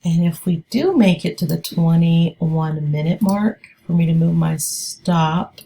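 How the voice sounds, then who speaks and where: A woman's voice: on the low side, a little slow, vocal fry, mellow, a little hiss or hum. A woman day trader giving live trading commentary, thinking aloud and hesitant as she talks.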